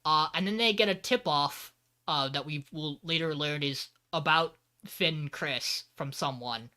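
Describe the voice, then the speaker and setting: A man's voice: fairly high pitch, measured pace. A man co-hosting a podcast, recapping an anime episode in casual chat and acting out the characters' lines as he goes. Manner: animated, acts out character lines while recapping. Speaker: podcast co-host.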